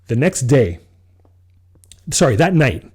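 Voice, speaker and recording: A man's voice: mid-range voice, big pitch swings, takes it slowly, slightly rough. A man co-hosting a podcast, telling a personal story in casual chat, acting out his own quoted lines and laughing often. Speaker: podcast co-host.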